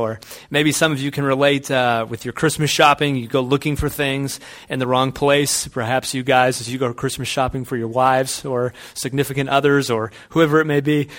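Man preaching a conversational sermon. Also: mid-range voice. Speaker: pastor.

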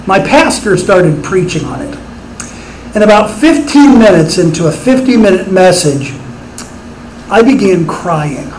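A man's voice: high voice, a little hiss or hum, low-quality recording. A middle-aged man preaching a sermon as pastor, emphatic and rising on his rhetorical questions.

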